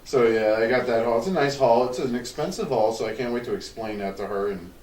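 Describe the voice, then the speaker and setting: A man from New Jersey telling profane, animated stories at a convention, recorded in an echoey hall from a distance. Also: medium pitch, quick pace. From New Jersey, USA. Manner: profane, animated storyteller acting out voices. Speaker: podcast guest. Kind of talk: casual convention chat. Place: convention floor.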